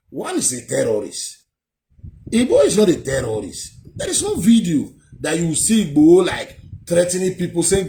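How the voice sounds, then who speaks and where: Scornful man with a lively, high-ish voice. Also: moderate pace, a little hiss or hum. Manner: scornful, lectures the viewer with many rhetorical questions. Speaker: vlogger. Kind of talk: heated commentary.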